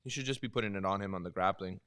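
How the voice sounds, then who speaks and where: A man who coaches martial arts, chatting casually and telling animated stories with frequent laughs. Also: deep voice, very fast, clear, resonant tone. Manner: animated storyteller, laughs often. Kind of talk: casual watch-along chat.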